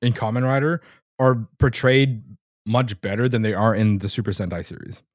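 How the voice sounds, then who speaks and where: A man's voice: fairly low pitch, steady tone, normal speed, dry recording, studio quality. A man co-hosting a casual podcast, telling a story with lots of energy, laughing often and swearing casually. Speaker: podcast co-host. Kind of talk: casual chat.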